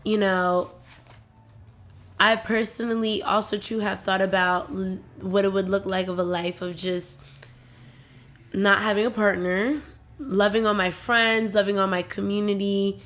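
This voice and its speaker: A woman's voice: medium pitch, steady tone, measured pace, fairly bright tone. A young woman co-hosting a podcast in casual chat, supportive and affirming. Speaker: podcast co-host.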